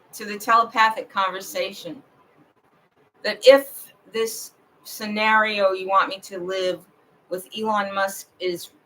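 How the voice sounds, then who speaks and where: A woman talks at home in a slow, drawn-out livestream monologue that drifts from one thought to the next. Her voice is bright and forward, and the pitch sits in a middle range. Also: poor audio. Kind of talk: rambling personal livestream monologue.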